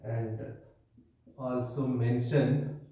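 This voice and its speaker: Male teacher, Indian English accent, dark mellow voice, far from the mic in an echoey room. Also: medium pitch, flat delivery. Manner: slow, reads aloud from a textbook with pauses and fillers. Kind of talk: classroom lecture.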